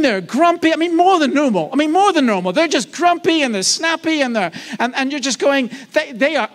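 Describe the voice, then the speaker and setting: A man preaching to a church congregation in a lively, conversational way, joking and asking the audience questions. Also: extremely high pitch. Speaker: guest preacher. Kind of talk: sermon. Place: church service.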